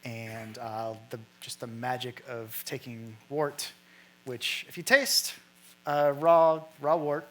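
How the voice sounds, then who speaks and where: A man's voice: medium pitch, fairly even intonation, slow, pushed and bright, a little hiss or hum, low-quality recording. A man who works as a brewer, explaining steps in casual talk with jokey asides. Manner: jokey asides, laughs easily.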